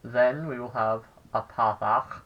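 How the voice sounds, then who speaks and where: A young man giving a casual language lesson, halting and full of fillers as he corrects himself. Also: mid-range voice, steady tone, dull audio. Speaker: language teacher.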